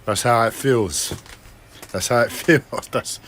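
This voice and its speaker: A man's voice: mid-range voice, slow pace, a bit bright, a little hiss or hum. Swearing, self-critical man on a vlog. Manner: clears throat and coughs often. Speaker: livestreamer. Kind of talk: personal vlog monologue.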